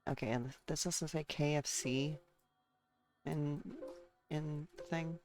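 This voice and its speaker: A woman's voice: sits low, fairly even intonation, slow, darkish tone, soft background music. A woman streaming a game and chatting casually, rambling from one thought to the next and talking to her chat and herself.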